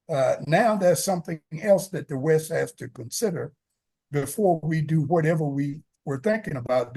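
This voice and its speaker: A man co-hosting a talk show, explaining world affairs in a measured, explanatory way, with frequent "uh" fillers. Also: on the high side, mellow, slightly rough. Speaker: co-host commentator. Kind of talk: casual political discussion.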